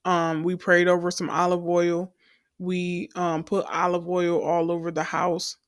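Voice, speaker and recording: A woman's voice: lowish voice, completely flat delivery, a little slow, clear, resonant tone, dry recording, studio quality. A young adult woman, telling her personal faith testimony in an earnest storytelling way and calling the listeners y'all. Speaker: testimony speaker.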